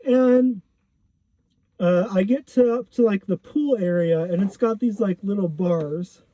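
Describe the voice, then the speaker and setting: Slow, very dark-voiced man rambling a story. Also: high-pitched, no room sound. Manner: rambling, with many fillers and self-corrections. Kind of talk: casual storytelling. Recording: dull lo-fi recording.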